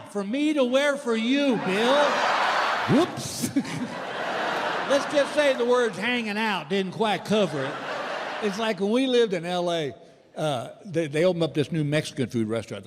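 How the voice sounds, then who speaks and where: An older man doing folksy, animated stand-up storytelling, acting out the voices of the people in his stories. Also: medium pitch, noisy background. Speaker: stand-up comedian. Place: large live venue with audience laughter. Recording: live stage recording with hall reverb.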